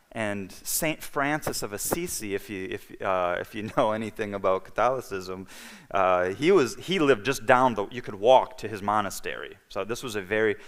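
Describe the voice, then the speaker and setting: Man with a lowish voice, church speaker sharing his story loosely, lots of false starts. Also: fairly bright tone. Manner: rambling storytelling with restarts. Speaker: church health week speaker. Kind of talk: personal testimony talk.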